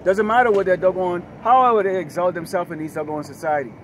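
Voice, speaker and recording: A man's voice: high voice, quick pace, low-quality recording. A man street preaching outdoors, combative and profane, firing rhetorical questions. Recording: heavy street traffic noise. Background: loud traffic noise.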